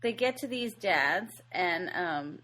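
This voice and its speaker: A woman's voice: lowish voice, expressive, slow, a bit bright, slight background noise. A woman co-hosting a movie podcast, chatting casually and leaning on "like" as a filler. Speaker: podcast co-host. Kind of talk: casual movie-recap chat.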